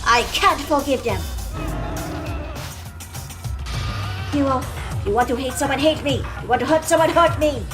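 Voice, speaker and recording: A woman voicing a stern, protective young female fighter with intense, forceful declarations during a game playthrough. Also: lowish voice, a little slow, vocal fry, loud music behind the voice. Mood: fierce.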